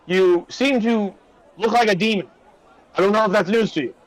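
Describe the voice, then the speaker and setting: A man's voice: sits high, moderate pace, no room sound, pitched above the performer's own voice, natural voice, rough recording. A man voicing a polite, formal male city gate guard in a tabletop game. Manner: courteous and apologetic.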